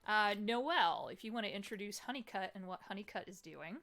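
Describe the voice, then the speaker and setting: A woman's voice: medium pitch, lively intonation, brisk, fairly bright tone. A woman running a tabletop game as game master, describing scenes in a chatty, descriptive way with many fillers.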